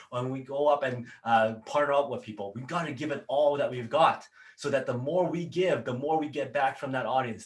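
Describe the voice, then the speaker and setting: A man hosting a motivational business talk, speaking earnestly with repetitive phrasing and frequent fillers. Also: medium pitch. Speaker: business coach and show host.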